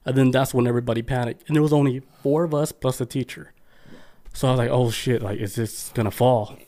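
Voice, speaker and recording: A man's voice: medium pitch, quick pace, warm tone. Podcast guy swearing a lot, mid voice, rambling story with lots of "i was like". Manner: loose, profane storytelling with many "I was like" quotes; reads listener comments aloud. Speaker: podcast co-host. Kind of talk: casual chat.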